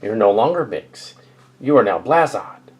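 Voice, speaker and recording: A man voicing a commanding male robot leader in a fan-made audio drama, speaking in a flat, announcing manner. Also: on the low side, normal speed, breathy edge.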